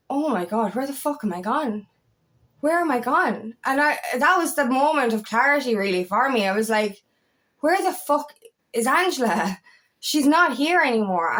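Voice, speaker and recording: A woman's voice: fairly high pitch, fairly bright tone. A woman empowerment coach talking to camera in a heartfelt vlog, rambling and often swearing, her voice catching with emotion. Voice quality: eccentric, quirky talker. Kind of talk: emotional personal vlog monologue.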